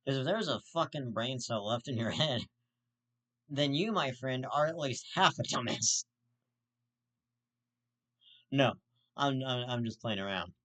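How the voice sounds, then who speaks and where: Male vlog host with a mid-pitched voice, profane and indignant, pitch spiking when he gets worked up. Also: animated, a little slow, pauses often, pushed and bright. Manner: swears constantly, jumps in pitch when outraged.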